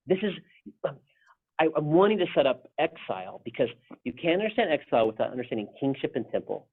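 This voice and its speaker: A male pastor leads a Bible study in a relaxed, conversational way, often restarting his sentences. His voice sits a little high. The recording is narrow and tinny, like a phone line. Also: a little fast, slightly rough. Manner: casual, rambling, frequent restarts. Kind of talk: leading a Bible study discussion.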